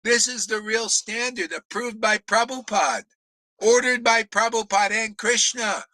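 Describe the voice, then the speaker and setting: Male spiritual teacher, sharp piercing voice, swears and laughs through a fierce outdoor sermon. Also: extremely high pitch, dry recording, low-quality recording. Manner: profane, scolding, laughs and shouts often. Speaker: spiritual teacher leading a class. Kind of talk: fiery profane sermon. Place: outdoors in a desert.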